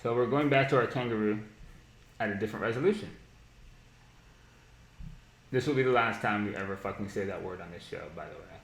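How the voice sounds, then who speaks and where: A man with a lowish voice gives a live-stream trading lesson, blunt and heavy on profanity. He mocks ideas he thinks are silly and often laughs at them. The sound bounces around an echoey room. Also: brisk, pauses often. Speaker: market analysis streamer.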